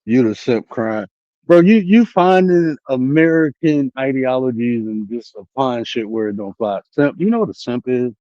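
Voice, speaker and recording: Man, livestream rant, profane and confrontational, mellow tone, dry slightly muffled audio. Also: mid-range voice, moderate pace, no room sound. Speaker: streamer and life coach. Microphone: streaming setup mic.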